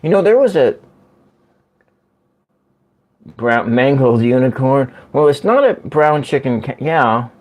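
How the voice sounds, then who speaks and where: A man hosting a casual livestream from home, chatting slowly and rambling as he answers viewer comments. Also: mid-range voice, big pitch swings, darkish tone. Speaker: livestream host. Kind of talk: casual live-stream chat with viewers. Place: at home by a window.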